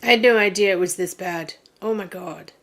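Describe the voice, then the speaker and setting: A woman's voice: medium pitch, normal speed. A woman from Canada hosting a reaction video, answering the clip with shocked, sighing comments. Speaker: host reacting to an interview clip.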